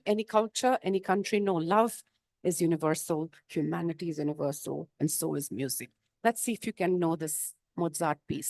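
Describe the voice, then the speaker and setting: Brief: middle-aged Indian-accented woman, emphatic stage speaker, musician addressing a business crowd. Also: mid-range voice. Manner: emphatic, rhetorical questions, sings note names. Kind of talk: motivational talk with music. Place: conference stage.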